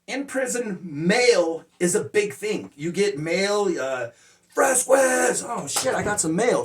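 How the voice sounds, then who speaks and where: A motivational speaker shares life lessons through casual personal stories, rambling, blunt, and profane, with frequent "uh" fillers. His voice is mid-range, and the recording sounds roomy with a distant mic.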